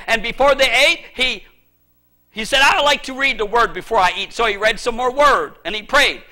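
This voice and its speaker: A middle-aged male pastor preaching a sermon in church, emphatic, with sudden shouted bursts. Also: very high voice.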